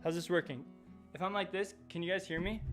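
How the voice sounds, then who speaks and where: A man's voice: sits high, steady tone, a little fast, a bit bright, faint music behind. A man hosting a live stream, chatting upbeat and a little out of breath as he talks straight to his viewers. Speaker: host of an educational live stream. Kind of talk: energetic live-stream talk to chat.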